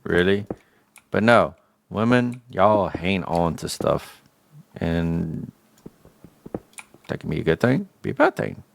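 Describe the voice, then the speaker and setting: A man's voice: low voice, big pitch swings, slow, creaky, long pauses, no echo. A man livestreaming a game, chatting casually in a slangy, joking rant. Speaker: gaming livestreamer. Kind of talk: casual chat while gaming.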